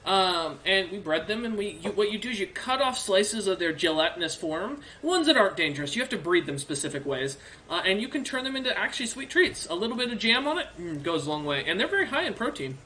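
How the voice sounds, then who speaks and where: A man's voice: high voice, sing-song, fast talker, pushed and bright, slight background noise, voice pushed up, exaggerated voice. A man doing a chatty red orc librarian. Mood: friendly. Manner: eager, rambling, stammering restarts.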